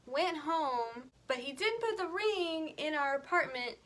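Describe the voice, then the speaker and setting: Emotional high-voiced young woman vlogger. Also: a bit bright. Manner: emotional, tearful, chatty. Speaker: beauty vlogger. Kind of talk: casual storytelling while doing makeup.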